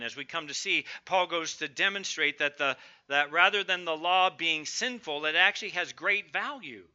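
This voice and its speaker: Middle-aged guy preaching, emphatic, kinda high voice, muffled lo-fi recording. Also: bright, forceful tone. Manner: emphatic, building lists of strong words. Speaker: pastor. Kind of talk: sermon.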